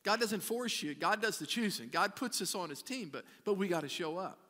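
A man's voice: high voice, animated, brisk, bright, forceful tone. A man pastor preaching a sermon in a church sanctuary, talking conversationally with repeated words and asides to the congregation. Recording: reverberant church hall.

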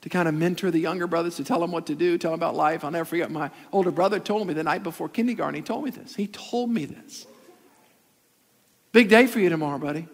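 A man preaching a sermon with emphasis, often repeating phrases. His voice is high and gravelly. It carries through a large hall with a long echo. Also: fast talker, few pauses. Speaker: pastor.

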